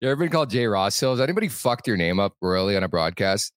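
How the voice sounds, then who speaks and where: A man's voice: on the low side, very animated, very fast, no room sound. A man co-hosting a casual hockey podcast, joking, teasing and swearing. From Canada. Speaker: podcast co-host. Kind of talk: casual sports podcast chat.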